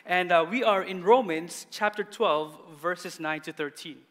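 A man in his thirties preaching a sermon as pastor, animated and often laughing as he tells a story. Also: sits high, measured pace. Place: church hall. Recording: long church hall reverb.

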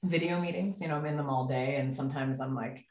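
A woman co-hosting a casual chat, talking freely and trailing off into quiet asides. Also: a bass voice, fast talker, far from the mic. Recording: roomy echo.

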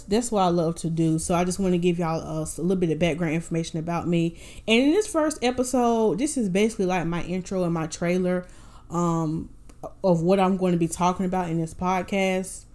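A woman's voice: on the low side, a little mellow. A woman from North Carolina talks straight to her listeners on her own podcast. She is chatty and sassy, and she keeps encouraging them. She corrects herself as she goes. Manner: chatty, sassy and motivational, with laughs and self-corrections. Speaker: podcast host. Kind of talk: casual solo podcast talk.

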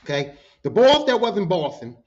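A man hosting his own podcast with a high-pitched voice. He tells long, profane work stories in a casual monologue, slipping into other people's voices as he goes. The sound is dull and lo-fi. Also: moderate pace. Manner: profane, animated, acts out quotes. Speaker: podcast host.

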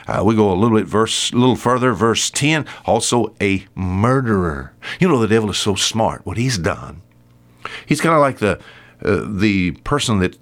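A man preaching a weekly radio sermon, emphatic, swinging his pitch up high and then dropping low and quiet on key points.

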